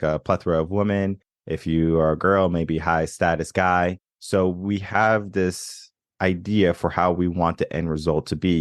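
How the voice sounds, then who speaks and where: A man's voice: low voice, no room sound, clean studio sound. A young adult man hosting a coaching podcast, talking reflectively and telling personal stories with the odd laugh. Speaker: podcast host. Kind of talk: casual interview chat.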